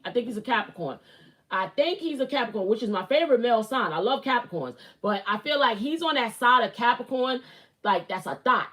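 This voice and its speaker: A woman's voice: on the high side, fairly bright tone. A woman hosting her own show, giving blunt, rambling gossip commentary, full of fillers and repeated phrases. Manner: blunt, rambling, opinionated, with lots of "like" and repetition. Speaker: host. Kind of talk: casual celebrity gossip commentary.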